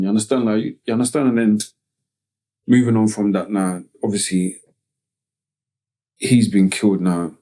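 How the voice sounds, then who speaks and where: A man from Tottenham with a North London accent tells a personal story as a podcast guest in a casual storytelling interview. His voice is low and mellow, and his slangy, halting speech is full of "you get me" tags.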